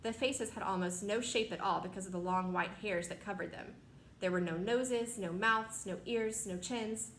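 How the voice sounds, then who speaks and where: A woman narrates a children's novel in a steady, expressive reading voice of middle pitch. The sound is roomy and echoey, with a faint noise floor underneath. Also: normal speed. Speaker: reader.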